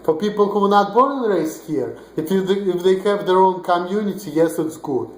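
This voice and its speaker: A young Russian-accented man delivers a rambling, blunt, profane vlog rant. His voice sits a touch high for a man, and the room around him rings with noticeable echo. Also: moderate pace. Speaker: vlogger. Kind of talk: ranting monologue to camera. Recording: roomy echo.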